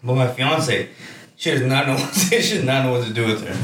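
A young man co-hosting a casual chat, swearing often and telling animated stories with frequent laughs. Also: medium pitch, a little fast. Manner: profane, laughing, animated storytelling. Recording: roomy, distant mic with clear background noise.

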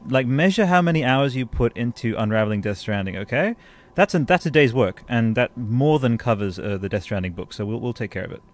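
A man from Italy hosting a podcast in casual chat, excitable and effusive, often laughing. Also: mid-range voice, fairly quick. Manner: excitable, effusive, bursts into laughter and loud exclamations. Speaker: podcast host.

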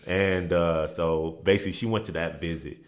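Casting: man with a very low voice, laid-back podcast guest who often restarts and repeats phrases. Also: steady tone, normal speed. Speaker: interview guest, former basketball player. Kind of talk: casual storytelling in a podcast interview.

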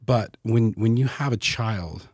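A man talking on a podcast as a guest, heartfelt and halting, often repeating words as he searches for them. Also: on the low side, a little mellow, husky, no echo, clean studio sound. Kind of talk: casual podcast conversation.

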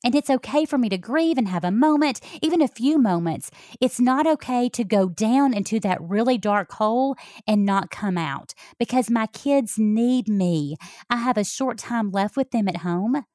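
A woman's voice: a little high, lively intonation, moderate pace, no echo, clean studio sound. A middle-aged woman, a health coach talking to her listeners in a folksy, heartfelt way. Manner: warm, folksy, talks straight to listeners. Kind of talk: heartfelt personal talk.

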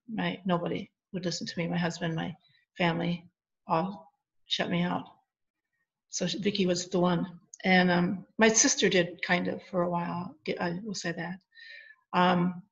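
A middle-aged woman, a guest on an interview, tells her story conversationally and acts out what each person said. Her voice has a gravelly, fry-edged texture. The recording sounds dull and lo-fi. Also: fairly low pitch. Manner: animated retelling with quoted dialogue. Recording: dull lo-fi audio.

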